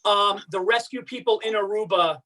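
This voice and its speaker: A man's voice: sits high, normal speed, pushed and bright. A man, a comedian guest, rambling through an exasperated, swearing story over a video call.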